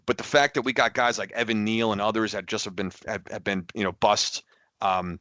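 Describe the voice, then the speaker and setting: Bright-voiced exasperated man rambling. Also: lowish voice, steady tone, brisk, no room sound. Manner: rambling and exasperated, many restarts. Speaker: podcast co-host. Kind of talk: casual sports chat.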